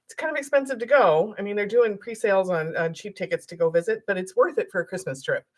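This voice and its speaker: A woman's voice: mid-range voice, fast. A woman chatting casually as a guest, in an upbeat, chatty way. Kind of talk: casual chat.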